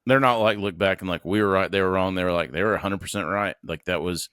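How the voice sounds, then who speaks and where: A man talks casually on a podcast, loose and slangy and full of fillers. His voice sits on the low side. The recording is dry and close. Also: fast talker, fairly bright tone, clean tone, no room sound. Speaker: podcast co-host. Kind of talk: casual chat.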